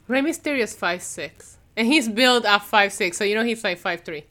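A woman co-hosting a casual wrestling podcast, sassy and quick to contradict. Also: medium pitch, lively intonation, pushed and bright. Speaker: podcast co-host.

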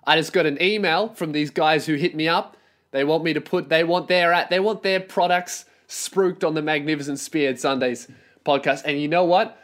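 A young Australian man hosting a solo podcast from his bedroom, ranting loudly and swearing as he mocks his targets. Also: a little high, steady tone, normal speed. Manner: profane, mocking, loud ranting. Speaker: podcast host.

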